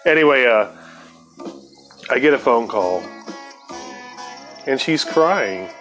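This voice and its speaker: A man telling a rambling personal story in a laid-back, profane way, full of fillers and restarts, and high while he talks. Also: animated, slow, a bit bright, faint music behind. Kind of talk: casual storytelling.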